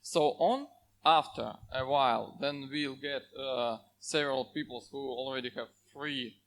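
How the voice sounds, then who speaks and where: A man answering conference questions as a game developer, in halting English with many fillers. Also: mid-range voice, fairly bright tone, slight background noise, low-quality recording. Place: conference hall.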